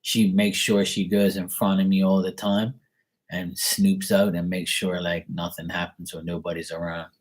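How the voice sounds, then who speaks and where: A man's voice: deep voice, level tone, normal speed. A man, a tarot reader, chatting casually and candidly with his live-stream viewers in a rambling, laid-back way.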